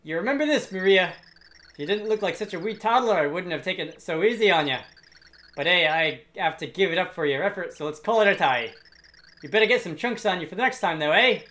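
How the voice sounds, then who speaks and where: A gamer voicing a burly, boastful male warrior brute in a rough attempt at a Scottish accent, reading game dialogue in character. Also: medium pitch, lively intonation, fast, a bit bright, close to an everyday voice. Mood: gruff. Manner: bellowing, gruff, boisterous.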